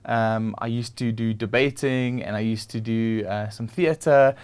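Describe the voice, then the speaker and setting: A man's voice: medium pitch, fairly even intonation, a little slow, a little mellow, smooth. A man with a South African accent, a creative director talking casually as a guest in an interview. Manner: reflective storytelling, frequent restarts.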